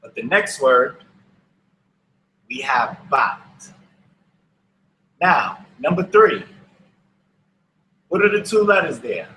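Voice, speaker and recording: This man's mid-range voice is sing-song and sharp as he teaches a slow online Hebrew class, taking his time, pausing often, and patiently repeating each word for students. The audio is poor and reverberant.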